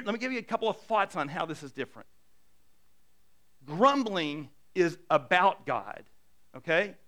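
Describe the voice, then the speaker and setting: A middle-aged man preaching a sermon as a pastor, animated and self-deprecating, swinging between hushed and loud. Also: high voice.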